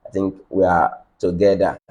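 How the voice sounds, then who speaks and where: Male business trainer on a live stream, lowish voice, hammers points home by repeating them. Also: little pitch movement, normal speed, dark tone. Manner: repetitive, emphatic, repeats key phrases. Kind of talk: live-streamed teaching session.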